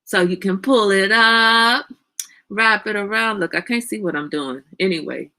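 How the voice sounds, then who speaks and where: A woman's voice: mid-range voice, a little slow, bright, forceful tone. A woman hosting a casual livestream, chatting animatedly, greeting viewers by name and laughing often. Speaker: livestream host.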